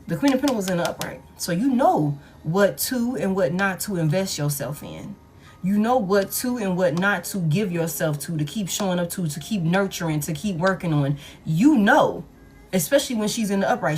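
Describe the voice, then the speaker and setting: A woman's voice: fairly low pitch, darkish tone, a little hiss or hum. A woman giving a casual collective tarot reading, blunt and profane, who repeats her points for emphasis. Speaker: tarot reader.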